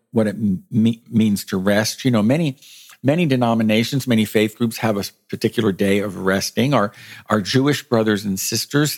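A middle-aged man, a pastor delivering a podcast sermon in a gentle storytelling manner. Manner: gentle storytelling with lively rises in pitch.

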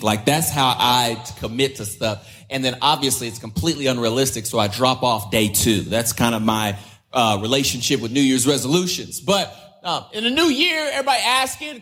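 A man's voice: medium pitch, lively intonation, brisk, a bit bright. A man preaching as a pastor, in a casual and slangy way, repeating key lines and acting out the voices he quotes. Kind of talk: sermon.

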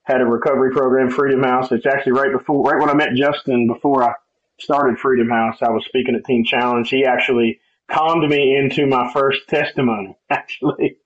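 Lively man telling his story, lo-fi. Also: medium pitch, brisk. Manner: animated storyteller, acts out quoted voices, laughs often. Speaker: guest sharing testimony. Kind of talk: conversational testimony. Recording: slightly dull, lo-fi sound.

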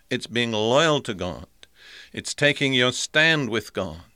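A man's voice: medium pitch, sharp tone, no room sound, clean studio sound. A man preaching a sermon in an earnest, emphatic way, repeating his points for stress.

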